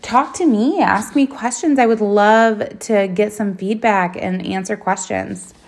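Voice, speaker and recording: A woman's voice: medium pitch, unhurried. A woman in her thirties hosting a solo podcast, talking candidly and bluntly with plenty of swearing. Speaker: podcast host.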